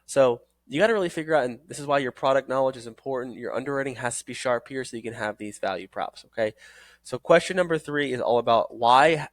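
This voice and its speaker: A man teaching a sales course with energetic coaching. He repeats phrases for emphasis and acts out sales calls in several voices. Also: mid-range voice, dry recording. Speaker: sales trainer. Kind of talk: recorded training course.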